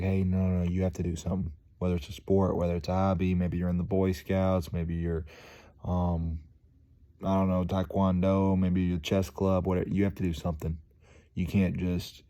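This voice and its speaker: A man's voice: low-pitched, mellow. A young man talking casually to his viewers in a rambling, slangy vlog monologue, full of fillers and calling people "dude". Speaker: vlogger.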